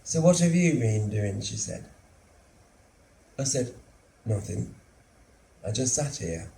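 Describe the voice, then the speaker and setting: An actor playing a lonely, anxious middle-aged son who lives with his mother, telling his story slowly and drily in a theatre monologue. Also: on the low side, sing-song, creaky, mellow, full character voice. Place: theatre stage. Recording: roomy theatre sound, faint hum.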